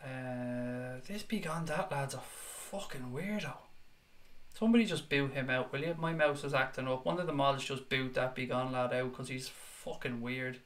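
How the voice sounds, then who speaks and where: Here a young man hosting a live fan chat show reads viewer comments aloud with blunt swearing and keeps the conversation casual. His mid-range voice has a fairly bright tone, and he speaks at a normal speed.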